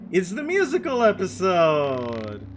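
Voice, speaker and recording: A man's voice: high-pitched, huge pitch swings, slow pace, slight background noise. A man casually commenting on a game as a streamer, playful and prone to sing-song bits. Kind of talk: casual let's-play commentary.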